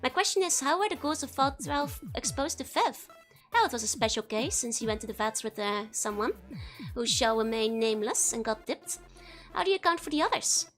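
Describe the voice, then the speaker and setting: A woman's voice: high voice, fairly bright tone. A woman streamer giggling and chatting as she reads a game text aloud on a casual livestream. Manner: giggly and chatty, laughs often between lines.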